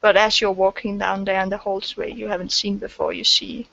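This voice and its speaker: A woman's voice: mid-range voice, level tone, brisk, gravelly, a bit bright, highs cut off. A woman narrating a tabletop game as game master, hesitant and full of fillers. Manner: hesitant, many fillers and restarts.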